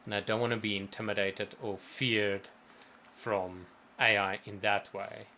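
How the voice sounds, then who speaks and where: A man's voice: fairly low pitch, level tone, measured pace, sharp tone, slight background noise. A man co-hosting a gaming livestream, talking in a thoughtful, rambling way that is full of restarts. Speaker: co-host of a gaming stream. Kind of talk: casual chat.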